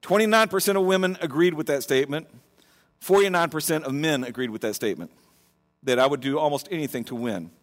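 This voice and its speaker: Conversational preacher with a fairly high voice. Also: male voice, fast. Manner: conversational and animated, many restarts. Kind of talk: sermon. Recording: long reverb of a large hall.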